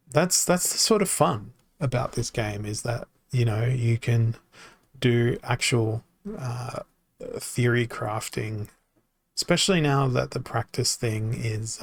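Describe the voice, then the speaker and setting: A man streaming a card game, thinking aloud in a halting, self-mocking way, his voice tired and worn from talking. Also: medium pitch, gravelly, dry recording. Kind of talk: casual live-stream commentary.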